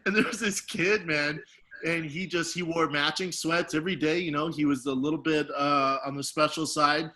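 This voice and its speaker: A man in his thirties with a bright, forceful voice that sits a little high for a man. He tells embarrassing stories in a loose, profane way, laughing through them as a podcast co-host. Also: fairly even intonation, moderate pace, low-quality recording. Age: 30s. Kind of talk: casual storytelling chat.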